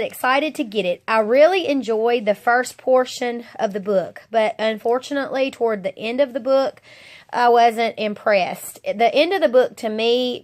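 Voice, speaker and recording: A woman in her forties with a stuffy head cold, chatting casually as she shows her home and rambles with a few ums. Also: mid-range voice. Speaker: homeschooling mom vlogger. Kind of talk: casual home-tour chat. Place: her own house, indoors.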